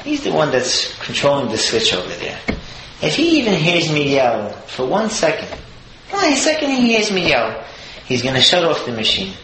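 A man's voice: a little high, normal speed, pitched above the performer's own voice. A man voicing a fearless seven-year-old boy in a story, speaking in a matter-of-fact way. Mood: unbothered. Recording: echoey room with steady noise.

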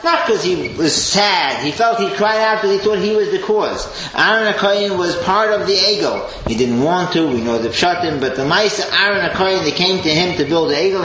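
A man teaching a Torah class with an animated delivery, swinging between loud emphasis and quiet asides and sprinkling in Hebrew and Yiddish terms. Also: on the high side. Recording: echoey room with faint noise.

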